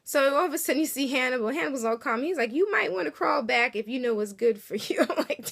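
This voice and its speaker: A woman's voice: high voice, fairly quick, gravelly, hardly any pauses, fairly bright tone. A woman casually recapping a TV episode, chatty and full of fillers, acting out little reactions as she goes. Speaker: TV episode reviewer.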